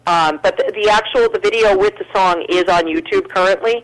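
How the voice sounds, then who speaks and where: A woman's voice: medium pitch, fairly quick, rough recording. An American woman talking as a guest musician in a casual chat, earnest and full of fillers and restarts. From United States.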